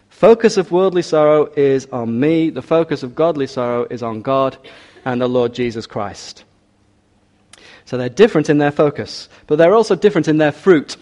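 A man preaching a sermon in an earnest, measured way, often asking his listeners rhetorical questions. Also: fairly high pitch, darkish tone.

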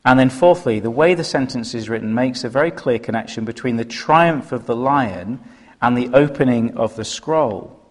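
A man preaching a sermon, emphatic and full of rhetorical questions. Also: medium pitch. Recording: reverberant hall.

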